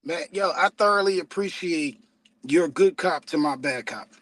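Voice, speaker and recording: A man in casual spiritual discussion, talking in a profane, animated way and acting out what other people say. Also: fairly high pitch, moderate pace. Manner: profane, animated storytelling with acted-out quotes. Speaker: co-host.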